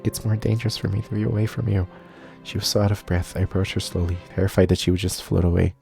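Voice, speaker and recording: A man streaming a visual novel, narrating its text aloud in a steady voice. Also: deep voice, fast, vocal fry, soft background music. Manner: steady narration, cursing asides.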